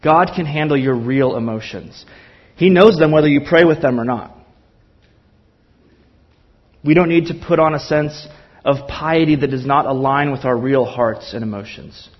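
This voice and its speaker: A man preaches a sermon with earnest, impassioned drive and builds his points through emphatic repetition. His voice sits at a middle pitch, and the recording sounds slightly dull. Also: normal speed, pauses often. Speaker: pastor.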